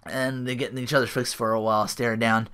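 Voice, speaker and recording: A man's voice: medium pitch, level tone, fast talker, fairly bright tone, clear, resonant tone. A man hosting a podcast, casually recapping a show in a rambling way, full of restarts and asides. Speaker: podcast host.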